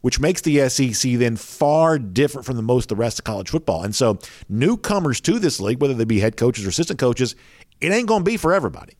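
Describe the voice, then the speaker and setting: A man's voice: mid-range voice, animated, fast, hardly any pauses, darkish tone, no room sound, clean studio sound. A man co-hosting a casual sports talk show in a wry, chatty way. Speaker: sports podcast co-host.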